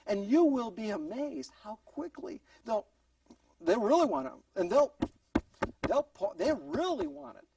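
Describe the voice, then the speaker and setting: A man's voice: very high-pitched, sing-song, measured pace, creaky, dark tone, husky, no echo, far from the mic. A man teaching a parenting class in an earnest tone, acting out short exchanges between parents and children. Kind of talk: recorded parenting class lecture.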